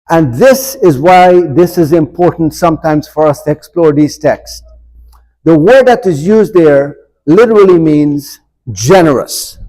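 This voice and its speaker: High-voiced man leading Bible study. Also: lively intonation, dark tone, low-quality recording. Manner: asks the group questions, reads verses slowly. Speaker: adult forum teacher. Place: church meeting room.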